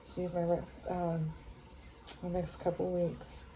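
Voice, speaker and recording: A woman psychic medium talking casually on her home vlog, rambling with many fillers and growing excited as she channels spirits. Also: fairly low pitch, unhurried, roomy sound, poor audio. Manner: grows excited and awed while channeling. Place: her home, near living room and kitchen.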